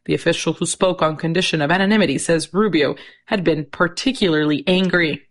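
Low-voiced female news anchor. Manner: crisp, measured delivery. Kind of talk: newscast reading.

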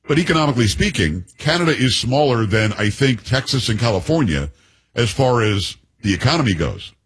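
A chatty man from the United States hosts a talk show, riffing on the news with sarcastic asides. His voice is husky and rough, with some breath in it. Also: mid-range voice, sing-song, a little fast, rough recording. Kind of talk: casual political commentary.

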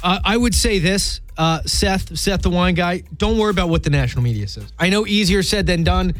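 A man hosting a sports talk radio show, talking in animated, exasperated banter with his co-hosts. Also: high voice, a little fast, no echo, faint music behind.

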